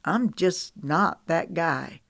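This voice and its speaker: A woman voicing a stubborn, gruff young male cowboy in an audiobook, speaking curtly and bluntly. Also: on the low side, animated, slow pace, no echo, studio quality, heavily acted. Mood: resigned. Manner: curt and blunt. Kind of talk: audiobook character reading.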